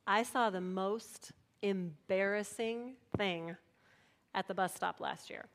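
A middle-aged woman pastor preaching a sermon, telling a story in an animated way and acting out voices. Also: mid-range voice, takes it slowly, slight background noise.

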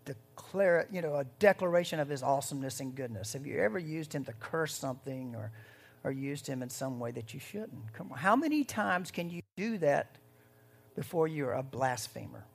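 A pastor giving a conversational sermon, swinging between loud, rising bursts and hushed moments. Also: mid-range voice, animated, normal speed, vocal fry, husky.

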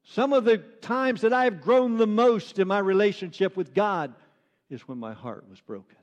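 High-voiced male pastor in a reverberant church. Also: expressive, moderate pace, dull audio. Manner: earnest, repeats phrases for emphasis. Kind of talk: sermon.

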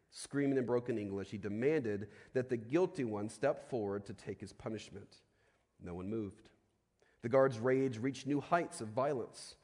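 A man preaching a sermon in a conversational way, often asking "right?", and dropping to a quiet, slow voice for solemn points. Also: on the low side. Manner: conversational preaching with frequent tag questions. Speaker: pastor. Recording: long hall reverb.

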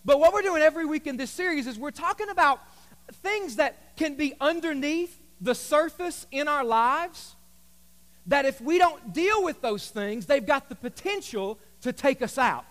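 A man's voice: very high voice, normal speed. A male pastor preaching a sermon in a church, talking to the congregation in a conversational, joking storytelling way. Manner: conversational, humorous, animated storytelling. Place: church sanctuary. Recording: long hall reverb from a church.

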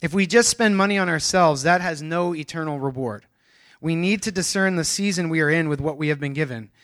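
Pastor, male, slightly higher-pitched voice; relaxed, chatty sermon delivery with restarts and self-aware asides. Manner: conversational, self-deprecating, with restarts and quick asides.

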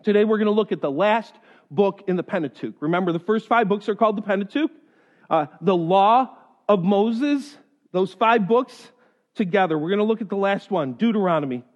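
A man with a high voice preaching in a big hall, where his words ring out with a long echo. He is an animated storyteller who slips into other people's voices. The sound is a little dull. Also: normal speed. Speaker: pastor. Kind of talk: sermon with personal stories.

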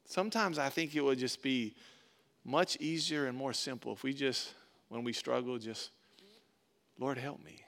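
A male pastor, preaching a conversational sermon that swells into emphatic bursts and drops to soft asides. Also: medium pitch, moderate pace.

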